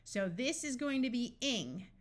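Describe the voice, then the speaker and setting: A woman teaching a phonics lesson, sounding out each word slowly, one sound at a time. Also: on the high side, expressive. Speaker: phonics tutor. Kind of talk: slow, carefully enunciated reading lesson.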